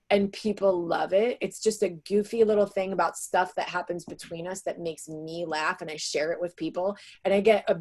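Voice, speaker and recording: Woman trainer in her 30s, slightly low voice, chatty webinar delivery heard over a video call, lots of ums and likes. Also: darkish tone. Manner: chatty, with many "um" and "like" fillers. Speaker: sales trainer presenting to real estate agents. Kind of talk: casual webinar presentation.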